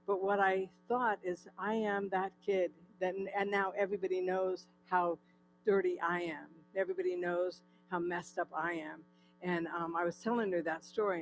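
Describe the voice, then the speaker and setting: A woman's voice: fairly low pitch, rough recording. A woman speaking at a church, telling her own recovery story in a personal testimony with vivid storytelling and acted-out quotes, earnest and tearful in places.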